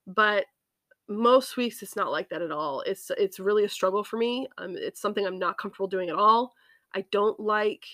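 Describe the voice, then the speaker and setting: A woman's voice: mid-range voice, fairly bright tone, dry recording. Earnest woman on a dry podcast mic. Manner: earnest, halting, with many ums and restarts. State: emotional, near tears. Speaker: podcast host. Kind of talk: personal faith reflection.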